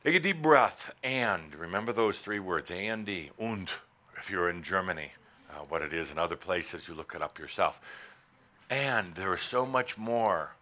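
A man giving a live spiritual talk to an audience, teasing and playful, swinging between loud bursts and soft, slow asides. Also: low voice, lively intonation. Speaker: spiritual teacher.

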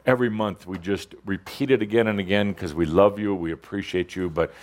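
Easygoing middle-aged male host, low voice. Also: a little fast. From Wisconsin. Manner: easygoing, joking, many fillers. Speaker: show host. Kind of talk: casual hosted announcements.

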